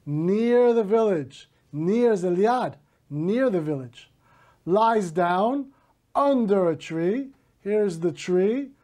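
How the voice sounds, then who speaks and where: A male teacher reads a story aloud to his class slowly, pausing to explain words in Hebrew. His voice is high-pitched and expressive, with a dark tone.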